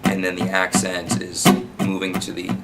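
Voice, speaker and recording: A man giving a relaxed spoken guitar lesson, explaining strumming and counting beats out loud. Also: low-pitched, normal speed, poor audio. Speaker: guitar teacher.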